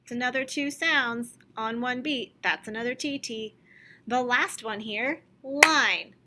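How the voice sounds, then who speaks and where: A woman teaching a recorded music lesson to young children, explaining slowly and clearly and chanting rhythm syllables for them to copy. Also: on the high side, noisy background.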